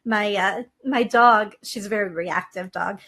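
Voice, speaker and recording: A woman's voice: medium pitch, measured pace, fairly bright tone. A woman guest in a casual podcast conversation over a video call, playful and laughing often as she talks.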